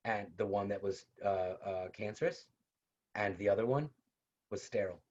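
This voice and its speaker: A man's voice: lowish voice, normal speed, a little mellow, husky. A man teaching a casual online university lecture, talking conversationally, repeating his points and adding personal asides. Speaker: university instructor. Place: online video class. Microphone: video call. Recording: dull lo-fi video call audio.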